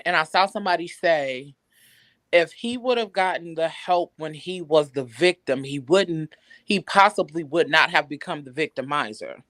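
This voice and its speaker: A woman's voice: deep voice, moderate pace, a bit bright, dry recording, studio quality. A woman guest on a casual podcast, upbeat and talkative, explaining her views earnestly. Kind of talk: casual chat.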